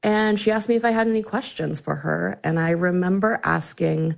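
A woman's voice: on the low side, moderate pace, creaky, hardly any pauses. A woman in her forties, an author being interviewed on the radio, telling a personal family story in an earnest, reflective way with frequent restarts. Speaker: author and guest.

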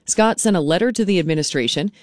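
A female local news host reads the morning headlines in a steady, clear announcer voice. The studio sound is dry and close to the mic. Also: fairly low pitch, fast, no echo. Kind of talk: local newscast and station announcements.

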